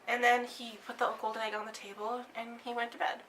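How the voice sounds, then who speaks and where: A woman telling a fairy tale with lively delivery, sometimes dropping to a whisper for suspense. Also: fairly high pitch, fairly quick, a little hiss or hum. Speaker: storyteller.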